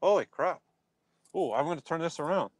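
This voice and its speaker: A man's voice: on the high side, fairly quick, no echo. A man talking casually on a live stream from his phone, reacting and answering viewers' comments. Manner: animated, talks back to chat comments. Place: outdoors in a yard at dusk.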